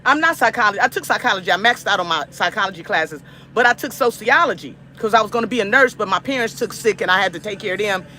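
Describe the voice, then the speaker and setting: Bright-voiced emphatic American woman vlogger. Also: medium pitch, lively intonation, quick pace, a little hiss or hum. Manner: emphatic, repetitive and preachy. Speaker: livestream cooking host. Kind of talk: casual live-stream talk to viewers.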